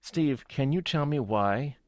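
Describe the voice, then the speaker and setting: A man co-hosting a casual movie podcast, talking in animated bursts and laughing often. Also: mid-range voice, slow pace. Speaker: podcast co-host.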